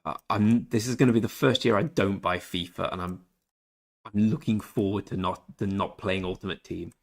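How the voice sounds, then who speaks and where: A man's voice: low-pitched, fairly even intonation, moderate pace, gravelly. A laid-back young Englishman streaming a game and chatting with viewers in a jokey, easygoing way. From England. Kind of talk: casual livestream chat with viewers.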